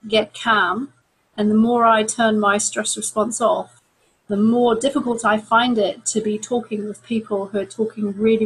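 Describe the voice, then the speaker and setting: Calm, slightly husky woman coach. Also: medium pitch, poor audio. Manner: calm, repeats words for emphasis. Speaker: stress coach. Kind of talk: talk to camera.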